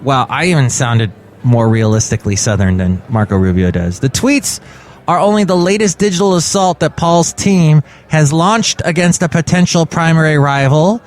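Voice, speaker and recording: Man, podcast host, comic news riffs, fairly high voice, pitch jumping around. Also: expressive, moderate pace, faint music behind. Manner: jokey, swinging pitch, mock voices.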